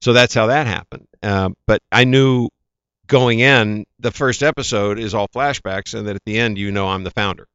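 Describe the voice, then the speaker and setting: A man's voice: on the low side, moderate pace, clean tone, no room sound, dull audio. A man, an actor, telling stories from his career in a casual interview, acting out the voices of the people he quotes. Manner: animated anecdotes, acts out quoted voices. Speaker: actor, guest.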